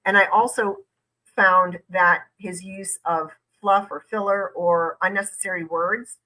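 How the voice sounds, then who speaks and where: A woman's voice: lowish voice, fairly even intonation, unhurried, bright, forceful tone, poor audio. A woman lawyer giving conversational reaction commentary, emphatic and repeating points for stress.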